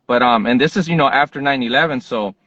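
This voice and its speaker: A man from Southern California, hosting a podcast, telling a personal story in a casual, animated, profane way. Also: mid-range voice, fast, no room sound, highs cut off. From Southern California, USA. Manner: animated, profane, fired-up retelling. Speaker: podcast host.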